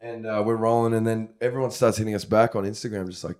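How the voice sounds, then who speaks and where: A man's voice: on the low side, steady tone, fast talker, darkish tone. An Australian man, a guest musician, telling stories in casual podcast chat, laughing and swearing freely.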